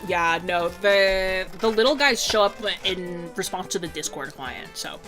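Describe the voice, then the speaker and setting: Giggly woman streamer, bright tone. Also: lowish voice, unhurried, faint music behind. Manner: giggly, filler-heavy talk. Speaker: art streamer teaching drawing. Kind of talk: casual live-stream chat.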